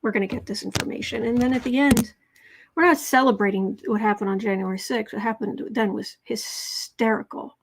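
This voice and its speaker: A woman's voice: fairly high pitch, fairly even intonation, brisk. Chatty woman livestreaming a tarot reading. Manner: chatty, reads viewer comments aloud, many fillers and restarts; emphatic repetition. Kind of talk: live political tarot reading, chatting with viewers.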